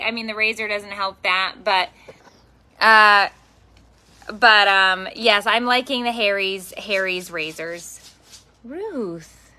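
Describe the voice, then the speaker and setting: A woman's voice: medium pitch, takes it slowly, long pauses, bright, forceful tone. A woman talking casually to her phone camera in her yard as a parenting vlogger, chatting and exclaiming at her dog. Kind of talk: casual vlog chat. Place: outdoors at home, yard.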